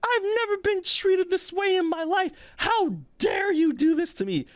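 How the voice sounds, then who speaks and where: Man doing an entitled, furious woman, high and shrill, demanding her rights. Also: animated, unhurried, no echo. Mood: outraged.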